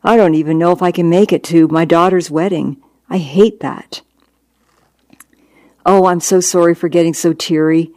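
A reader voicing a middle-aged dying woman who talks softly, slowly and apologetically. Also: fairly even intonation, no room sound, clean studio sound, lightly acted. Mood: tearful. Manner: soft, apologetic, slow and low.

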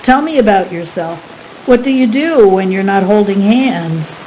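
A woman reading as a brusque, lonely giant man fires off exasperated questions at a frightened stranger. The tone stays mellow and unhurried, with faint hiss behind it in this storybook reading. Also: mid-range voice, animated, close to an everyday voice, low-quality recording. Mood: gruff. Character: gruff lonely giant man, blunt and impatient.

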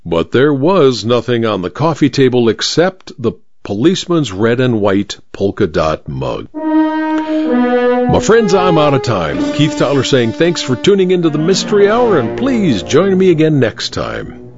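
A man hosting a radio mystery hour, reading the story aloud in an expressive, measured way. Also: mid-range voice, dull audio, music in the background. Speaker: host and story reader.

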